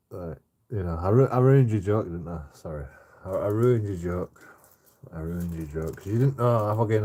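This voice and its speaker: A man's voice: fairly low pitch, warm tone. A man chatting on a live stream while drunk, swearing a lot and breaking into laughter. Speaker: livestreamer reading out chat. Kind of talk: casual live-stream chat.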